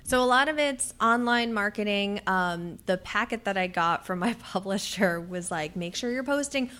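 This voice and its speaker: Woman, author guest on a podcast; animated storyteller who quotes herself and laughs often; mid-pitched. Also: moderate pace. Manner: animated storytelling, acting out her own dialogue with frequent laughs. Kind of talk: conversational interview.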